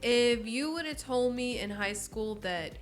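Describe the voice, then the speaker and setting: Expressive young woman podcast guest. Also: a little high, a little slow, soft background music. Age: early 20s. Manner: expressive storyteller, acts out quoted voices. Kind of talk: casual interview chat.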